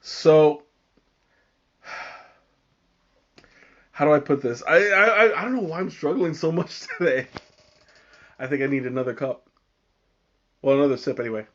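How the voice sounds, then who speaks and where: Halting man hosting a tea livestream. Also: a little high, highs cut off. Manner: halting, searching for words, many fillers and restarts. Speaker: livestream host. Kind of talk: casual live tea tasting chat.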